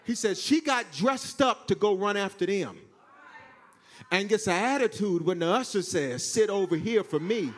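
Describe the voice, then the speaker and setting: Animated preacher man shouting sermon. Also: high-pitched, moderate pace. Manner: animated, swings from shouting to hushed, acts out God's voice; call-and-response with congregation. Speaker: pastor.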